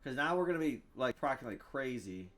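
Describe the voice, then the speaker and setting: A man giving live commentary on his own game, thinking out loud, reading card text aloud and bursting into loud cheers. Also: mid-range voice, big pitch swings, fairly quick. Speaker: gameplay streamer.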